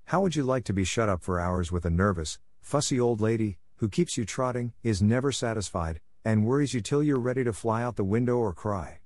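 A man's voice: lowish voice, a little fast, few pauses, darkish tone, no echo, clean studio sound, close to an everyday voice. A man reading the lines of a blunt, spirited tomboyish teenage girl in an audiobook.

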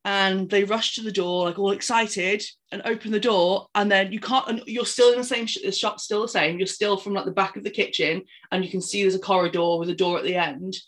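A woman, chatting casually as a podcast co-host and retelling a film in an animated, rambling way. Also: mid-range voice, a little fast, few pauses. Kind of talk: casual chat recapping a film.

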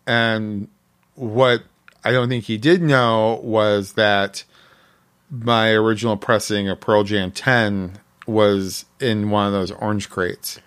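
A man's voice: fairly low pitch, steady tone, slow, a bit bright, clean tone. A man co-hosting a podcast, telling a story with lots of ums. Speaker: podcast co-host. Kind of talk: casual podcast chat.

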